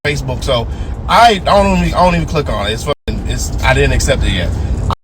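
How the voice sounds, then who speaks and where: A man's voice: medium pitch, fast talker, music in the background. A man in his twenties telling a story in a casual, profane way, acting out the voices of the people he quotes. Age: 20s. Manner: animated, acts out quoted voices. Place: in a car. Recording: noisy car with traffic outside. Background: vehicle and street noise.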